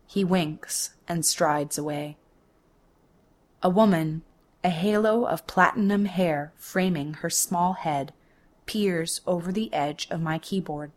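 A young woman telling a first-person story, her voice low and her delivery slow and deliberate. Each detail is placed carefully, with a measured calm. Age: young adult. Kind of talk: first-person narrated monologue.

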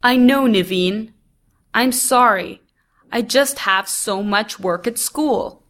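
A woman's voice: fairly high pitch, slow, fairly bright tone. A woman reading the lines of a reluctant young girl who politely makes excuses. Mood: apologetic.

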